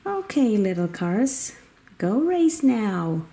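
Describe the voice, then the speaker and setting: A woman's voice: sits high, expressive, takes it slowly, background noise. A woman playfully narrating a children's toy car game in a sing-song way, making car and animal noises.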